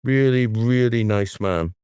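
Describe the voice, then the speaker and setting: A man's voice: mid-range voice, measured pace, darkish tone, clean tone, dry recording, clean studio sound. A man co-hosting a podcast, chatting casually and telling stories, acting out the voices of the people he quotes. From Ireland. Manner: storytelling, acts out quoted voices. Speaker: podcast co-host. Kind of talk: casual chat, anecdotes. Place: London.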